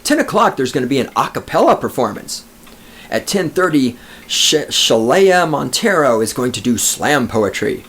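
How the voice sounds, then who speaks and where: A man's voice: medium pitch, animated, moderate pace, a bit bright, a little hiss or hum. A man hosting a podcast, ranting alone in a sarcastic, profane, mocking way. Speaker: podcast host. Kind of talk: sarcastic solo podcast rant.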